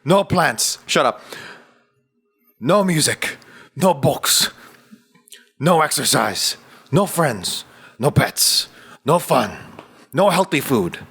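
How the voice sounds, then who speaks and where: A man putting on a low, angry villain voice and barking out clipped rules. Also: big pitch swings, takes it slowly, vocal fry, pauses often, a bit bright, husky, exaggerated voice. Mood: stern. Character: stern angry male villain doctor reciting rules.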